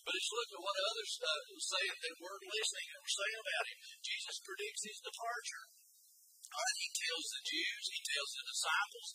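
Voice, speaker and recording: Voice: very high-pitched, huge pitch swings, fairly quick, sharp tone, a little hiss or hum, low-quality recording. A pastor preaching a conversational sermon, reading scripture verses aloud and explaining them plainly. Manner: conversational, reads scripture and explains it, often says "all right".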